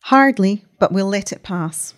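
A woman voicing a grave, commanding man of few words, speaking steadily and quietly in a read-aloud story. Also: medium pitch, animated, a little slow, natural voice. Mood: steady.

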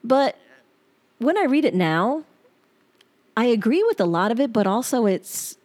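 A woman's voice: on the high side, big pitch swings, measured pace, long pauses, darkish tone. Candid woman hosting a podcast. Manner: candid, reflective, rambling. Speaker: podcast host. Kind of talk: personal podcast monologue.

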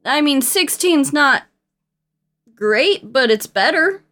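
A young woman co-hosting a casual movie podcast, animated and chatty, with lots of fillers and restarts. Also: high voice, takes it slowly. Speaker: podcast co-host.

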